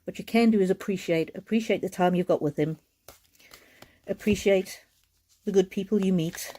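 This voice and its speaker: A woman giving a live oracle card reading, speaking earnestly and reassuringly, with soft laughs now and then. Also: mid-range voice, normal speed.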